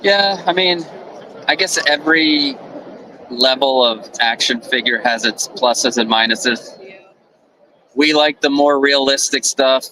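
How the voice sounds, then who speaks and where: Bright-voiced easygoing man, casual chat. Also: medium pitch, slow pace, a little hiss or hum, low-quality recording. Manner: easygoing, a little hesitant, stumbles and restarts. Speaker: live stream co-host. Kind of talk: casual live-stream chat.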